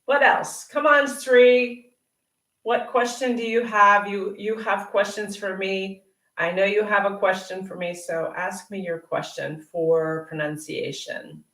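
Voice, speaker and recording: A woman teaches English in an unhurried, encouraging way, stretching words out so viewers can repeat after her. Her voice sits a little back from the mic, and the room rings around it. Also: mid-range voice, fairly even intonation, a bit bright, far from the mic. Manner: encouraging, chatty, repeats words slowly for learners. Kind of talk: live Q&A lesson. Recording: roomy and off-mic.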